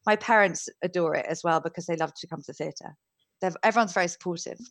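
Animated woman telling a funny anecdote. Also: fairly low pitch, fast talker. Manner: animated storyteller, laughs easily. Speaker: actress and producer. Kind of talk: casual panel chat.

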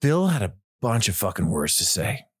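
A man, an actor guest on a podcast, telling stories in a loose, animated way, swearing freely and often restarting his sentences. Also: lowish voice, normal speed, slightly rough, dry recording, clean studio sound. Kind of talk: casual podcast chat.

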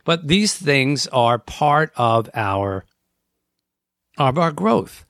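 A man's voice: medium pitch, very animated, extremely slow, a bit bright, no room sound, clean studio sound. A man hosting a talk show on air, speaking earnestly and acting out inner voices as he lists points. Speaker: radio talk show host.

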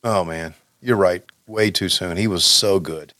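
A man co-hosting a relaxed, agreeable chat about old wrestling. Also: sits low, unhurried, dry recording, studio quality. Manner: relaxed, agreeable, many affirmations. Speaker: podcast co-host. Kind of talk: casual chat.

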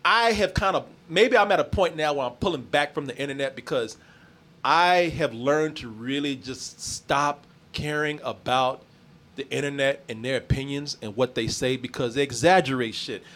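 A man's voice: mid-range voice, moderate pace, a bit bright. A man hosting a casual podcast chat, a loose, profane storyteller who laughs often. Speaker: podcast host.

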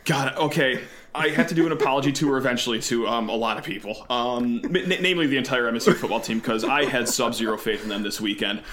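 A man's voice: mid-range voice, fast, crowd noise. A young man co-hosting a sports podcast, giddy and boastful, laughing through trash talk. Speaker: podcast co-host. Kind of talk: excited sports podcast banter.

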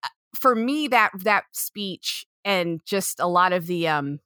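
Woman, sports reporter, podcast guest, chatty, laughs often, bright voice, dry close mic. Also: fairly low pitch, lively intonation, slow pace, no echo. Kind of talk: casual podcast conversation.

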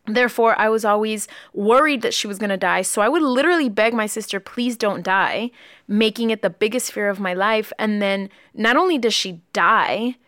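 A woman's voice: medium pitch, brisk, hardly any pauses, a bit bright, no room sound. Woman podcaster telling her story, emotional and open, dry room. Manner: heartfelt, openly emotional storytelling. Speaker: podcast co-host. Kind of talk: candid personal conversation.

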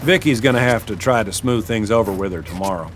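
A man's voice: on the low side, fast talker, a little hiss or hum, lightly acted. A man voicing a casual, joking exterminator talking on the phone. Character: easygoing male pest exterminator.

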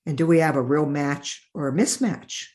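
A middle-aged woman in a podcast interview, telling stories in an animated way and acting out the voices of the people in them. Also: deep voice, moderate pace. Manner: animated, acts out voices in her anecdotes. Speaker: developmental optometrist.

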